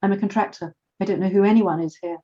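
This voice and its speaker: A man's voice: high-pitched, steady tone, fast, mellow, close to an everyday voice. A woman voicing a polite, apologetic young male office contractor in a story reading, over a dull lo-fi line.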